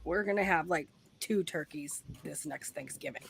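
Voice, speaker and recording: A woman's voice: low-pitched, normal speed, creaky, breathy edge, poor audio. A woman chatting casually on a live stream from home, telling blunt, profane stories and laughing through them. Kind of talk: casual chat, storytelling.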